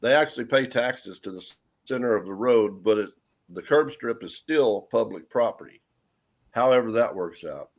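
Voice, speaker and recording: A man's voice: medium pitch, animated, normal speed. A man in a casual conversation, explaining things in a plain, matter-of-fact way. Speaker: co-host guest. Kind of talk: casual chat.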